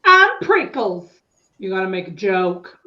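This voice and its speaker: Woman playing a pedantic cactus, slow talker, muffled lo-fi sound. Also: mid-range voice, very animated, sharp tone. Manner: slow, correcting, sarcastic. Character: pedantic, prickly female cactus. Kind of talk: stage play acting.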